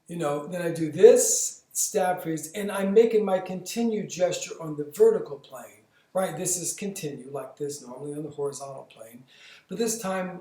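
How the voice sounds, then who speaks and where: A man teaching a lesson, explaining and acting out sounds and movements with frequent stammering restarts and animated emphasis. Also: on the high side, normal speed, echoey room. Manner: demonstrative, acts out sounds and movements. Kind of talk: instructional lesson.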